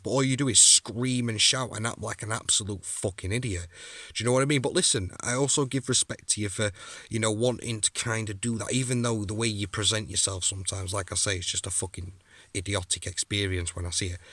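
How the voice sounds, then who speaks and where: Young brit guy ranting at a rival, sneering and sweary, lowish voice, dead dry sound. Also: a bit bright, dry recording. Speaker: amateur fighter calling out a rival. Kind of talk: angry rant to camera.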